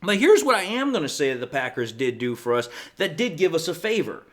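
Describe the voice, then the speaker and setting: A man's voice: a little high, big pitch swings, a little fast. A man hosting his own sports commentary show, talking casually and at length in a folksy way. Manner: folksy, talkative, says y'all and folks. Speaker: host.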